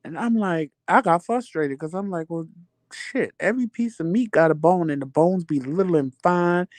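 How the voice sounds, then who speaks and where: Man hosting a loose live chat, slightly high voice, dry close sound, swears freely, animated storyteller. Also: moderate pace, no room sound. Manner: animated, profane, laughing storyteller. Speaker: livestream chat host. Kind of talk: casual live chat answering viewer comments.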